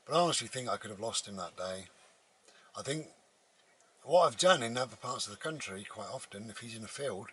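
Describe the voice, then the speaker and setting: A man's voice: mid-range voice, animated, fairly quick, bright, forceful tone, slightly rough, low-quality recording. A man, a vlogger, telling a personal story in a rambling, casual way with many restarts. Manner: rambling, with frequent restarts and fillers.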